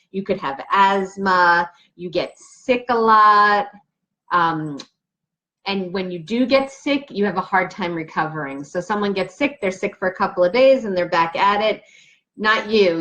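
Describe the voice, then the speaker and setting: A woman speaking as a naturopathic doctor in a talk to camera, with a voice of ordinary middle pitch. She talks in a chatty, emphatic way and reads her questions from her notes as she goes. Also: a bit bright. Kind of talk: explanatory health talk to camera.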